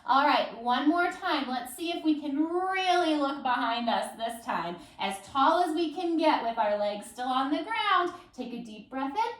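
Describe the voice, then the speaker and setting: In a library room, a woman leads a children's yoga class through a story, playful and sing-song, making animal sounds. Her high voice is animated and unhurried, with few pauses. The recording has a roomy echo, and she sounds far from the mic.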